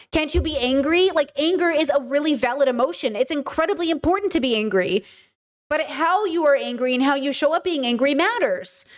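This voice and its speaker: High-voiced chatty woman lecturing viewers. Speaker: commentary vlogger. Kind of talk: reaction commentary.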